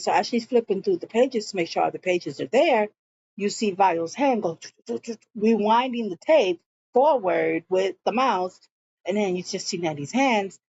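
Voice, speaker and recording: A woman's voice: medium pitch, highs cut off, a little hiss or hum. A woman casually retelling a TV episode scene by scene, leaning on "and he was like" to carry the story. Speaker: show recap vlogger.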